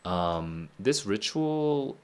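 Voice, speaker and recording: A man reading a novel aloud and reacting to it, thinking out loud and often chuckling. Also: on the low side, sing-song, extremely slow, clear, resonant tone. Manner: musing aloud, frequent chuckles. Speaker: book club streamer.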